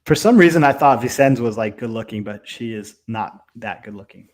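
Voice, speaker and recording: A man's voice: medium pitch, animated, moderate pace, darkish tone. Casual, profane young man commenting on fights. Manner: loose and profane, with many fillers. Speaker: co-host of a fight watch-along.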